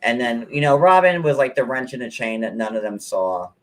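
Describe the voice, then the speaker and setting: A man hosting a casual gossip chat, telling stories in an animated, theatrical, campy way. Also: mid-range voice, brisk. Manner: animated, camp, theatrical storytelling. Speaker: show host.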